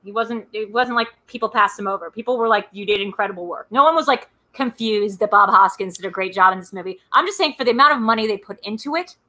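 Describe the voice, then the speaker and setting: A woman's voice: medium pitch, fast talker, few pauses, bright, forceful tone, low-quality recording. A woman co-hosting a casual movie podcast, rambling through film trivia with many fillers and restarts. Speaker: podcast co-host.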